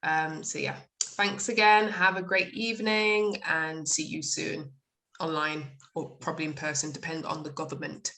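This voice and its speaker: A woman's voice: deep voice, fairly even intonation, normal speed, bright, forceful tone, slight background noise. Chatty woman hosting a video call. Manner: chatty, with frequent fillers and laughter. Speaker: host of an online jewellers' network talk. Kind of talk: casual video-call chat.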